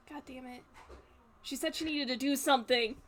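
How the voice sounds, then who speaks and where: Woman, player, high voice, lively, quick to laugh, tabletop role-play.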